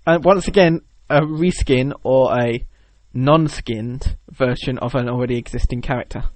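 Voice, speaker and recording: A man's voice: mid-range voice, moderate pace, dry recording, poor audio. A young man co-hosting a podcast, rambling with many fillers and laughing easily. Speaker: podcast co-host. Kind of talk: casual chat.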